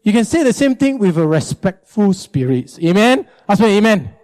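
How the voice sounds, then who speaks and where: High-pitched pastor, animated sermon, repeats stuff for emphasis. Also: male voice, normal speed.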